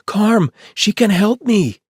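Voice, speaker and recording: A high, shrill little girl bursting with eagerness, shouting her every line, as a male audiobook narrator puts her on. Her voice leaps way up and swings wildly, with a husky edge. The recording is close and dry. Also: lively intonation, takes it slowly, no echo, heavily acted. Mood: eager shouting. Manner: hollering, shouting.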